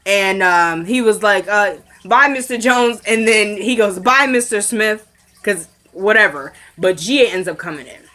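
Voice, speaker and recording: A woman's voice: medium pitch, unhurried, few pauses, pushed and bright. A woman casually recapping a TV drama episode for her viewers, retelling the scenes by acting out the characters' lines and talking straight to her audience. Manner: chatty, addresses viewers directly. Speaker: recap vlogger. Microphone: camera mic.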